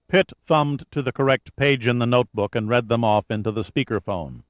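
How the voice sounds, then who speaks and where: In scripted audiobook narration, a man reads in a measured, even manner with a fairly low pitch, and there's no echo.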